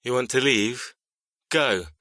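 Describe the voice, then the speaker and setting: A man's voice: sharp tone, dry recording, clean studio sound. A man voicing a cold, menacing controller. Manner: low, slow, threatening. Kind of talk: audiobook character reading.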